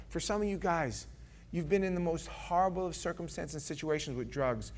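A man's voice: on the high side, a little fast. Earnest preacher man with a raised voice. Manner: earnest, pleading, shifts from loud to hushed. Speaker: pastor. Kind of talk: sermon.

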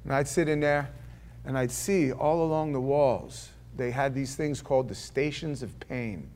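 A man preaching a sermon to a congregation, telling stories and then reading scripture aloud, swinging between loud declaiming and hushed asides. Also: mid-range voice, unhurried. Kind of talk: sermon with personal storytelling. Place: church before a live congregation.

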